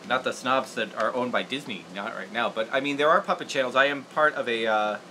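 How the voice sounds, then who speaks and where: A man's voice: medium pitch, fairly quick, pushed and bright, a little hiss or hum, low-quality recording. A man hosting a casual livestream puppet-making tutorial, rambling and laughing at himself as he works. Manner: rambling, laughing, self-deprecating. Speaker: puppeteer host.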